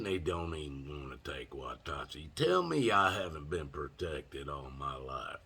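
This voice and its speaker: Low husky-voiced Southern man rambling. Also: big pitch swings, a little slow, hardly any pauses, pushed and bright. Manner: rambling, laughs mid-sentence, swears freely. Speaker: storyteller host. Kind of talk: casual storytelling monologue.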